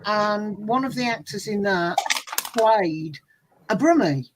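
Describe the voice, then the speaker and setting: A woman from Birmingham, England, speaking with a Birmingham accent, tells stories and laughs in a casual group chat. Her mid-range voice is expressive and slow-paced, and the background is noisy.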